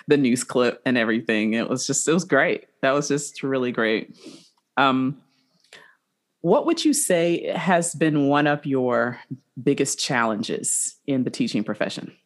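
A woman hosting a podcast, supportive as she interviews a guest. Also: rumbling low. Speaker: podcast host.

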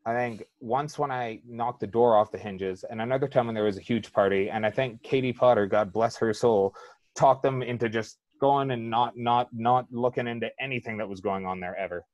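A man's voice: medium pitch, a little fast, a little mellow, dry recording. Laid-back rambling man, dry close mic. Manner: rambling, laid-back storytelling with lots of fillers and swearing. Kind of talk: casual chat.

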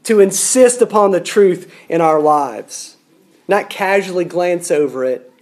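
A male preacher with a notably high voice delivers a sermon. He speaks earnestly and often pleads with his listeners, repeating words as he starts each thought. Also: expressive, a little slow, a little mellow.

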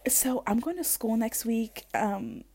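A woman's voice: fairly high pitch, animated, measured pace, dark tone, a little hiss or hum. A young woman hosting a podcast, chatting casually in a rambling way while moving around her kitchen, on a wired headphone mic. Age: young adult. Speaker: podcast host. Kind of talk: casual chat. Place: at home in a kitchen.

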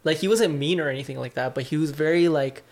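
A man's voice: fairly high pitch, fast talker. Young guy on a podcast, candid and loose, says like a lot, cusses some. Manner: open and reflective, many "like" fillers, swears casually. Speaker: podcast guest. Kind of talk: candid conversation.

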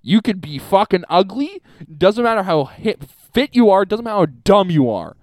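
Young male co-host, animated and jokey, dry close-mic sound. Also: high-pitched, normal speed, dry recording. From Canada. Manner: animated, jokey, swears freely. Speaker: podcast co-host. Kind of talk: casual chat.

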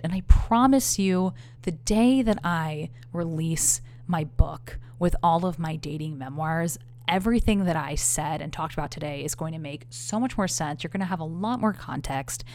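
A young woman hosting a podcast alone, telling a dating story in a candid, profane, animated way. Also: low voice, a little hiss or hum. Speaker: podcast host. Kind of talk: casual storytelling monologue.

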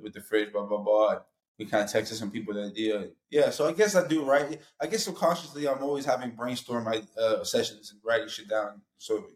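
A man's voice: medium pitch, expressive, fairly quick, reverberant, low-quality recording. A man chatting casually as a podcast guest, laid-back and slangy, laughing often. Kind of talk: casual chat.

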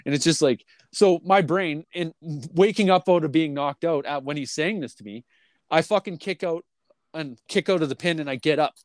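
A man's voice: a little high, moderate pace, no room sound. A man telling a long story in casual podcast talk, rambling and swearing constantly, with many fillers and restarts. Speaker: podcast host.

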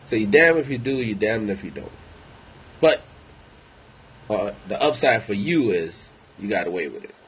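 A man's voice: lowish voice, lively intonation, moderate pace, pauses often, husky, poor audio. A man ranting in a casual monologue, rambling, blunt and heavy on profanity. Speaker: vlogger.

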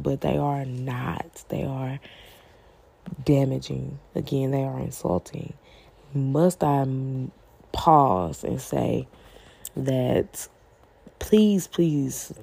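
Woman host, husky and mellow, earnest and pleading parenting talk. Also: a bass voice. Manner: earnest, pleading, rhetorical questions. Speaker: podcast host. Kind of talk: faith-based parenting talk.

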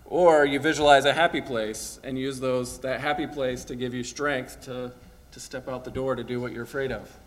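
A male pastor delivers his sermon like a chat with his congregation. His voice sits in an ordinary middle pitch. He keeps checking in with a quick "right?" and lets small chuckles slip in. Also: fairly even intonation, a little hiss or hum. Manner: casual, asks "right?" often, chuckles. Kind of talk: conversational sermon.

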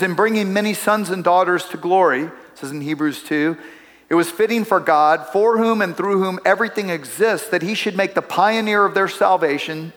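In a church sanctuary with long hall reverb, a middle-aged male pastor with a high, somewhat bright voice preaches. His sermon is conversational, full of stories and asides to the congregation.

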